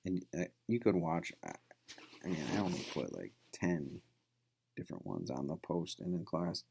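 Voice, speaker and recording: A man's voice: deep voice, very animated, normal speed, creaky, a little mellow, a little hiss or hum. A male instructor giving a casual recorded lecture, rambling with many fillers and restarts.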